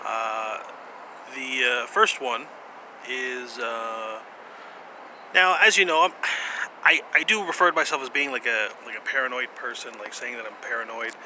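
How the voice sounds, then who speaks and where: A man vlogging in a rambling, casual monologue, halting often with pauses and asides. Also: medium pitch, sharp tone, slight background noise. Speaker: vlogger presenting jutsu.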